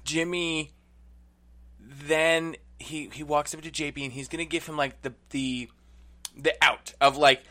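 A man co-hosting a podcast, chatting casually and recapping an episode with quick asides and bursts of laughter. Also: on the high side, fairly even intonation, bright, forceful tone. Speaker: podcast co-host.

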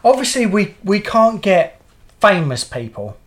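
A man's voice: high-pitched, very animated, unhurried. A middle-aged man, co-hosting a casual podcast chat and rambling through anecdotes while swearing freely. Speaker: podcast co-host.

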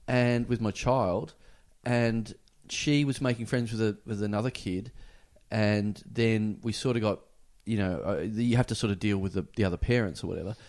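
A middle-aged Australian man hosting a comedy podcast, telling a rambling story with lots of hesitation. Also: mid-range voice. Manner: rambling, halting with fillers and restarts. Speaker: podcast host. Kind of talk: casual chat storytelling.

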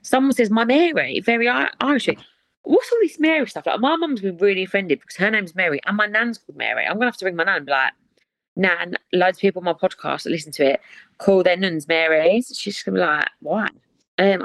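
A woman's voice: lowish voice, a bit bright, dry recording. A woman, hosting a podcast in casual chat, chatty and given to dramatic reactions. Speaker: podcast host.

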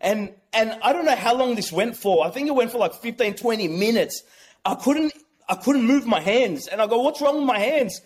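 A man telling a personal story in a rambling, excited way, swearing and acting out what people said. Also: high-pitched, normal speed. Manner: acts out quotes. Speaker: guest. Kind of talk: casual storytelling.

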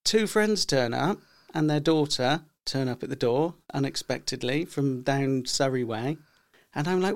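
A man's voice: on the high side, a little slow. A middle-aged man co-hosting a podcast, rambling through stories in casual chat and acting out what people said. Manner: rambling storyteller, acts out quotes. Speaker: podcast co-host.

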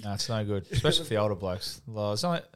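A man's voice: fairly low pitch, expressive, quick pace, crowd noise. An Australian man co-hosting a podcast, chatting in blokey banter. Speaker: podcast co-host. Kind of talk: casual podcast chat.

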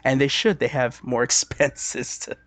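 A man's voice: medium pitch, steady tone, unhurried, a bit bright, a little hiss or hum. A man co-hosting a podcast in casual chat, often laughing as he retells jokes. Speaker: podcast co-host.

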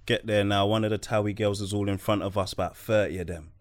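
A man from London with a London accent, telling a clipped, deadpan anecdote. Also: fairly low pitch, fast. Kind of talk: casual chat.

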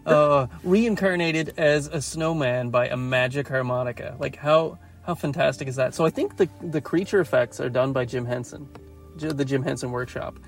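Gravelly Canadian man, relaxed podcast co-host, reflective and chatty, light music in the bed. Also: mid-range voice, normal speed. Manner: reflective, chatty, laughs easily. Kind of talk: casual chat.

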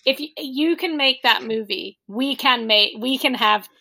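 A woman's voice: high-pitched, unhurried, vocal fry, sharp tone. A young adult woman, a podcast guest, chatting casually and enthusiastically, swearing freely. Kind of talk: casual chat.

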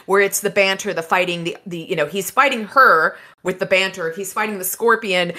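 A woman co-hosting a casual book podcast, chatting about chapters and reading passages aloud in an animated way. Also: mid-range voice. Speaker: podcast co-host.

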